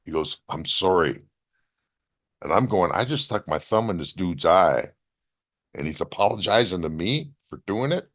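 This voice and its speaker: A man, a former wrestler as interview guest, telling animated stories with blunt profanity. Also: low voice, normal speed. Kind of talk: casual storytelling interview.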